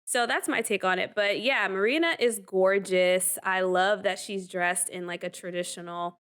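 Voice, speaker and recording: A woman co-hosting a casual reality-TV reaction chat. She talks in an animated, chatty way, laughs often, and leans on "like" and "um". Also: mid-range voice, normal speed, clear, resonant tone. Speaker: co-host.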